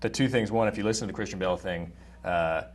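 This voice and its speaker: A man's voice: on the low side, fast. A man co-hosting a casual chat, eager and chatty.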